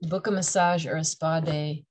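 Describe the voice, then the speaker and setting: A woman's voice: sits low, steady tone, moderate pace. A middle-aged woman from Canada giving a chatty, playful tarot reading to camera, laughing often between her points. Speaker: tarot reader.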